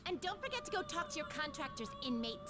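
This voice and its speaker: A woman's voice: very high voice, big pitch swings, quick pace. An actress playing a harsh young female prison warden who snaps orders. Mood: bossy. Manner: bossy, snapping orders. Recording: game audio with music behind.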